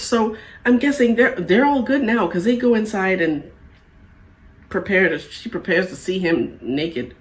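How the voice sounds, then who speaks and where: A woman's voice: on the low side, animated, moderate pace. A woman hosting a casual reality TV recap, talking in an exasperated, sarcastic way.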